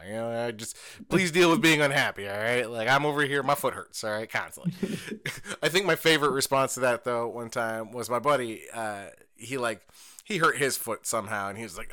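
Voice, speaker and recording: Bright-voiced man laughing through casual chat. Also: mid-range voice, fast talker. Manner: laughing, profane, self-mocking. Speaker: podcast co-host.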